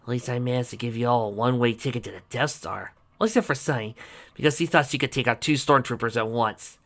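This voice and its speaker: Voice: medium pitch, fast talker, a bit bright, natural voice. A reader voicing a grumpy, sarcastic male halfling necromancer in a fantasy tavern story, dry and sulky in manner. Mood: sardonic. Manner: sardonic, sulky.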